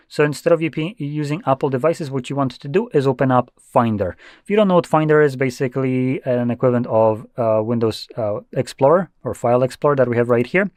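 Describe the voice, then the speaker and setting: Young man, casual screen-tutorial host, mid-pitched, dry close sound, offhand and blunt. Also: darkish tone, no echo. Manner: loose, offhand, blunt asides. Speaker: tech tutorial presenter.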